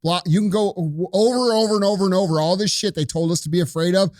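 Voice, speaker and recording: A man's voice: high voice, quick pace, no room sound. Guy going off at the audience, swearing, dry close sound. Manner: forceful, profane, lecturing. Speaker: podcast host. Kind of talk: opinionated rant.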